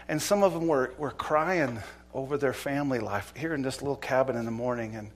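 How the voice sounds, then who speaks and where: A middle-aged male pastor preaching a sermon, moving between urgent exhortation and quiet storytelling. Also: mid-range voice, expressive, a little fast. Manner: dynamic preaching, swinging from loud urgent exhortation to hushed storytelling.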